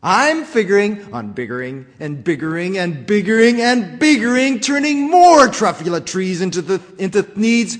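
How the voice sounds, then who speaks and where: A man's voice: mid-range voice, very animated, big-room sound. A man voicing a greedy factory owner who tells his own story in rhyme, read aloud in a church. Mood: angry. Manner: rhyming storybook narration, slow and dramatic.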